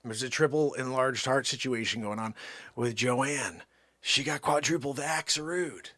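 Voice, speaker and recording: A man's voice: mid-range voice, measured pace, a bit bright, no room sound. A male comedian doing a manic improvised comedy monologue that jumps between silly voices.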